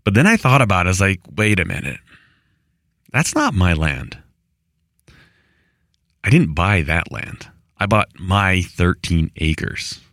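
A man's voice: low-pitched, sing-song, unhurried, long pauses, fairly bright tone, no echo, studio quality. A middle-aged man talking to camera in a rambling, conversational monologue, with restarts and exasperated asides. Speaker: vlogger on rural homestead life. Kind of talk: casual monologue.

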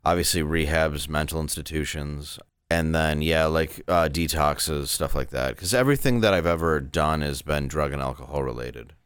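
A man's voice: very deep voice, normal speed, a bit bright, clear, resonant tone, no echo, clean studio sound. A man in his thirties, a stand-up comedian, telling candid, rambling stories in a casual interview.

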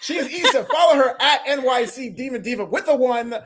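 A co-host in a casual wrestling chat, upbeat and quick to laugh. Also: sits high, animated, fairly bright tone, husky.

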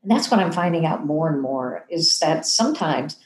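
A woman in her fifties, a television personality telling an emotional story in a podcast interview, animated and acting out the voices she quotes. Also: deep voice, moderate pace, reverberant, low-quality recording. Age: 50s.

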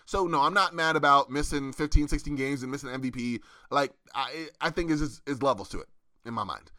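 A man's voice: medium pitch, a little fast, pushed and bright, no room sound, studio quality. A young man hosting a casual sports podcast, talking loosely with many fillers and restarts. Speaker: podcast host.

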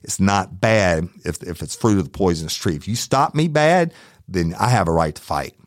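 A man's voice: sits low, moderate pace, dry recording, studio quality. A middle-aged man, hosting a true crime podcast and telling a story in a heated, profane way. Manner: profane, heated, animated retelling. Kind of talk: storytelling, casual monologue.

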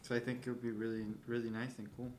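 A man's voice: mid-range voice, little pitch movement, fast talker. A man from California with a Californian accent, chatting casually at home, joking, swearing loosely and playfully mimicking words. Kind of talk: casual chat. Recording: noisy home recording.

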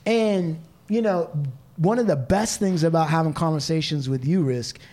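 A man's voice: fairly high pitch, moderate pace, dark tone. A man hosting a podcast, speaking reflectively in a casual conversation and often tagging his points with "right?". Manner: reflective, keeps adding "right?". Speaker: podcast host.

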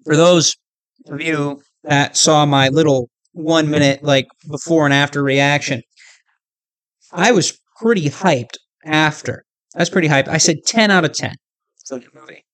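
A man's voice: fairly high pitch, unhurried, fairly bright tone. A man hosting his own podcast, chatting casually and with animation, often checking in with the listener. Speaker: podcast host. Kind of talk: casual solo podcast chat.

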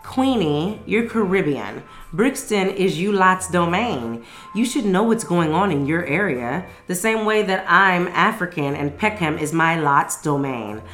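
A woman's voice: fairly low pitch, lively intonation, unhurried, fairly bright tone, faint music behind. A woman reading aloud as a fiery, outspoken young woman friend, blunt and full of slang. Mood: chatty.

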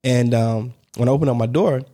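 A man co-hosting a casual podcast, telling a story with lively pitch swings and acted-out quotes. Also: brisk. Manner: animated storyteller, acts out quoted voices, laughs between lines. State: on crutches. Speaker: podcast co-host.

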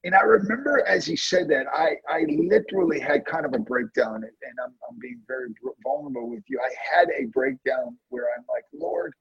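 A man earnestly telling an emotional story of prayer in a conversation, with lively swings in his voice. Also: a little fast, creaky, few pauses, husky, no room sound, dull audio. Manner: earnest, emotional testimony with animated swings in pitch. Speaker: guest, prayer ministry leader.

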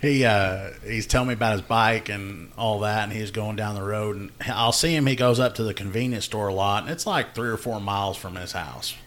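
A man's voice: on the low side, brisk, hardly any pauses, a bit bright. A man, hosting a casual podcast and telling a work story about a call-out, laughing often and acting out what people said. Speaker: podcast host, law enforcement officer.

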